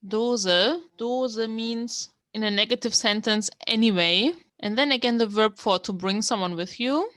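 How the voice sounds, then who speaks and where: A woman's voice: a little high, moderate pace, hardly any pauses, fairly bright tone, dry recording, studio quality. A young woman from Germany, giving a casual language lesson and explaining a manga text word by word as she thinks aloud. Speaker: language learner teaching from a manga.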